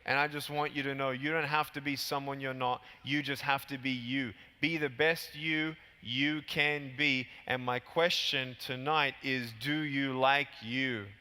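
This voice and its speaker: Guy in his 30s doing a big keynote speech, bright clear voice, punchy and emphatic, lots of hall echo. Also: level tone, moderate pace, hardly any pauses. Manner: emphatic, punchy, rises high when stressing points. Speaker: keynote speaker. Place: large convention hall. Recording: hall reverb from arena PA.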